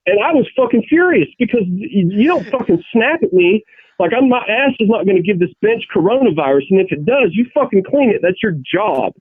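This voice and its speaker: A fairly high-voiced man rants and tells stories in casual chat, swearing freely and restarting his sentences often. The sound is thin and phone-like, with a dry, close feel and no room around it. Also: expressive, brisk, husky, no echo. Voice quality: profane, ranting storyteller. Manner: rambling with many restarts.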